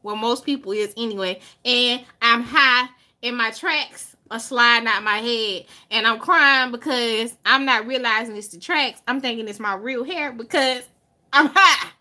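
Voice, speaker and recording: Woman, Southern US accent, high voice, casual vlog storytelling, animated, drawn-out emphasis. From Alabama. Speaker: vlogger.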